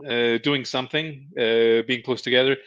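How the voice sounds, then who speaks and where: A man explaining a show in casual chat as podcast co-host, halting and restarting, chuckling as he goes. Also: mid-range voice, steady tone, a bit bright. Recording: dull lo-fi stream audio.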